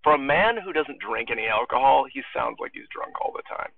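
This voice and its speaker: A man's voice: medium pitch, animated, brisk, gravelly. A man leaving a rambling voicemail for a podcast, searching for words and poking fun at himself. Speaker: voicemail caller. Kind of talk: rambling phone message. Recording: tinny phone line from far off.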